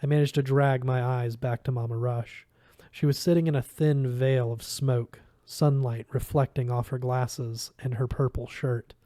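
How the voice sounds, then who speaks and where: A man reading a novel aloud in a steady first-person narration. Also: mid-range voice, unhurried, no echo, studio quality. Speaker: reader.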